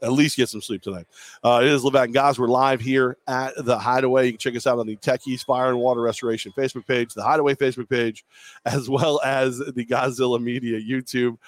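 A man's voice: medium pitch, steady tone, a little fast, dry recording. A man co-hosting a live podcast, telling a long self-deprecating story in casual chat. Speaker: podcast co-host. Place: bar or venue, live show.

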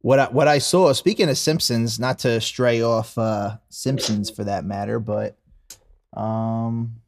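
A man's voice: medium pitch, steady tone, a little slow, gravelly. A man co-hosting a casual podcast, talking in a laid-back, meandering way and swearing freely. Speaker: podcast co-host.

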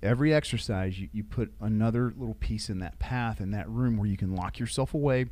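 A man, a military veteran, telling stories in a casual interview, with halting restarts. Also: fairly low pitch, a little mellow.

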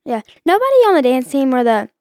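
Young daughter, high voice, teasing and blunt, dry close mic. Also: female voice, animated, fast, warm tone, dry recording. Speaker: daughter, co-host. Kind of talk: casual family chat.

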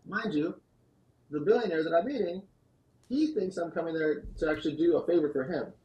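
An animated man recounting a business story as a podcast guest. His voice sits a little high but stays mellow and warm. He rattles through events in quick bursts. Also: highs cut off. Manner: animated, fast-moving anecdotes. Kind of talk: storytelling interview answer. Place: podcast studio.

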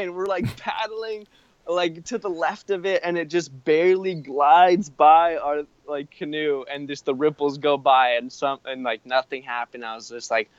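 A young man in casual chat, telling a wild travel story in an animated way, full of "like" and laughing mid-sentence. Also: fairly high pitch, moderate pace, clean tone, no echo, highs cut off.

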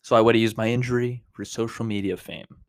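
A man in his twenties hosting a podcast, telling a personal story in a casual, animated way, with big jumps in pitch and loudness. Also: fairly quick, clear, resonant tone. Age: 20s. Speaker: podcast host.

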